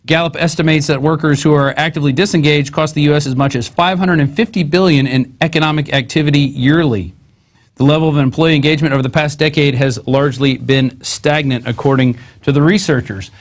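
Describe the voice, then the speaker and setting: Sarcastic male news host, higher voice. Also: steady tone, brisk. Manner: sarcastic, conversational asides between readings. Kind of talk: news commentary, reading articles aloud.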